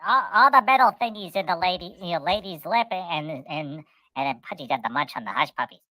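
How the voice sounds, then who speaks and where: Middle-aged woman rambling through a funny story, lowish voice, bright tone. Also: a little fast, no echo, poor audio. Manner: rambling, animated, acts out voices. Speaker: co-host. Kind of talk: casual storytelling chat.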